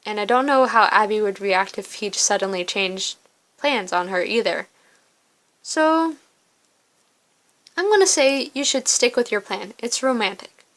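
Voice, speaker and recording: A woman's voice: medium pitch, animated, measured pace, pauses often, a bit bright, low-quality recording. A young woman who reads through a story game and chats about her choices, casual and self-mocking. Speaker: game player. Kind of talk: casual commentary while reading a story game.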